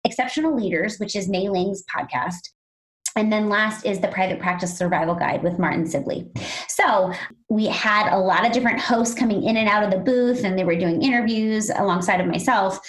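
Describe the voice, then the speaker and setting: A woman co-hosting a podcast, telling stories in a casual, animated way and acting out the people she quotes. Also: medium pitch, normal speed, poor audio. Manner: animated storyteller, acts out quoted voices. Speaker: podcast co-host.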